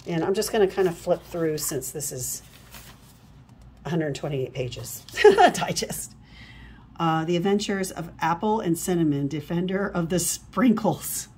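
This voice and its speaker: A woman's voice: fairly low pitch, unhurried, darkish tone, slight background noise. A woman reading a comic book aloud in a casual, amused way, adding chatty asides between panels.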